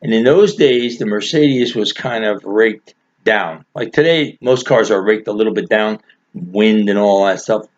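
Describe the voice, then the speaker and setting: With a fairly low, unhurried voice, an older male storyteller chuckles his way through a loose, folksy tale. The recording sounds dull and lo-fi.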